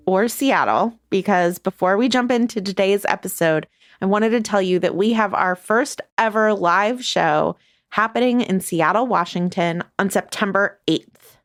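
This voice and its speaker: A middle-aged woman hosting a podcast, moving from a scripted intro into playful, wry chat with quick asides. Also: mid-range voice. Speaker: podcast host.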